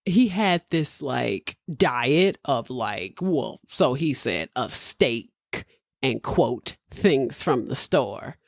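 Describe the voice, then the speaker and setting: A woman's voice: extremely low pitch, animated, very slow, vocal fry, no echo, clean studio sound. A woman hosting a podcast, casually retelling a true-crime case with slangy asides. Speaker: podcast host.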